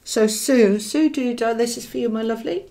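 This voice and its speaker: This tarot card reader from Wales has a fairly high, creaky yet mellow voice and talks at a normal speed, with a little hiss or hum in the audio. Warm and chatty during her live reading, she addresses viewers as darling and muses aloud while pulling cards.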